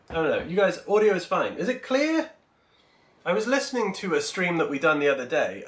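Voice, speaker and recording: A man's voice: mid-range voice, a bit bright, reverberant. A man hosting a casual livestream while painting miniatures, chatty and rambling as he answers his chat, speaking into a Bluetooth microphone.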